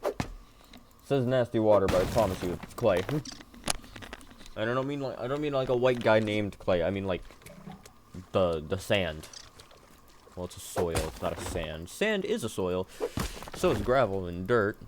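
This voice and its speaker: A man's voice: on the low side, expressive, unhurried, long pauses, background noise. A man streaming a game, rambling and joking to himself and his viewers in a tired, self-mocking way. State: yawning, tired. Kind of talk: casual gaming stream chatter.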